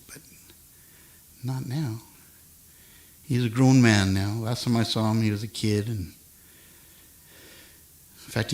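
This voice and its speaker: An older man hosting his own live stream, chatting with viewers in a rambling, soft-spoken way. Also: mid-range voice. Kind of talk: casual chat with viewers between songs. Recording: acoustic guitar music behind the voice.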